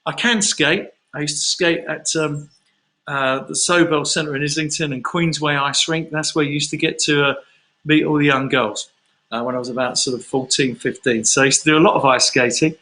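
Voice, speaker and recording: A man's voice: on the high side, steady tone, normal speed, pushed and bright, low-quality recording. A man from London, a singer chatting casually through fan questions on a livestream and telling rambling stories.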